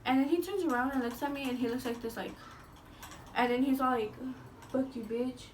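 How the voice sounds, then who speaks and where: A young woman beauty vlogger tells a casual storytime monologue in a high-pitched, fast voice, swearing freely, leaning on "like," and dropping Spanish slang. She sounds a bit distant from the mic, with slight background noise.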